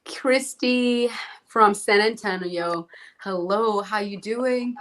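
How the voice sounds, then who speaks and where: A woman's voice: mid-range voice, fairly bright tone, low-quality recording. A woman co-hosting a live show, reading out viewers' names and greetings in a chatty way. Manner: slow, chatty, laughing often. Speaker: co-host.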